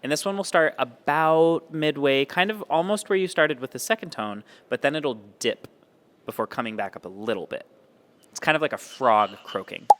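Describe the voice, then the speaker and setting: A man's voice: a little high, moderate pace, a bit bright. A man teaching Mandarin tones, explaining patiently and demonstrating each sound. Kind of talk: explaining with spoken examples.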